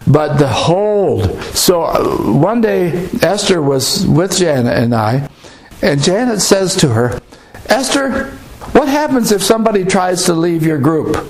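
An older man telling a story in a casual, halting way, with many restarts and pauses. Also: high voice, very animated, a little mellow, poor audio. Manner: rambling, halting, with restarts and hesitations. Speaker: storyteller recounting a trip. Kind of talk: casual spoken recollection.

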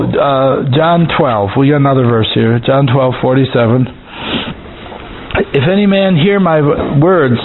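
A man preaching an informal sermon in a conversational way, repeating words and reading scripture verses slowly. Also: mid-range voice. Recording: tinny phone-like sound with faint hiss.

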